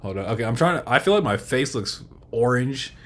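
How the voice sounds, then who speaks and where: A man's voice: medium pitch, animated, a little fast. Slangy, joking male streamer. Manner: slangy, profane, laughs at own jokes. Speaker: streamer reacting to an interview. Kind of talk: casual reaction commentary.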